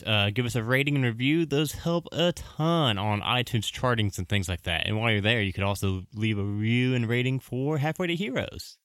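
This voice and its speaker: Male podcast host, rambling and apologetic, smooth tone, dry booth sound. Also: medium pitch, fairly bright tone, no echo. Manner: rambling, apologetic, fast announcements. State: out of breath. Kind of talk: casual podcast outro.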